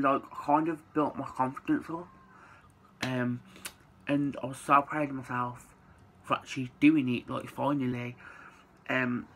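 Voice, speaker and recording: A man's voice: medium pitch, a bit bright, slight background noise, rough recording. A young man, telling a personal story to camera in a chatty way, with lots of "like" and casual swearing. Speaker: vlogger.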